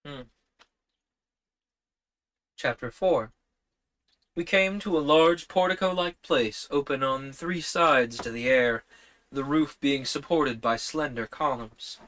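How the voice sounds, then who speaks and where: A man reading an old novel aloud on a stream, narrating in an unhurried, measured storytelling manner. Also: mid-range voice, bright, forceful tone.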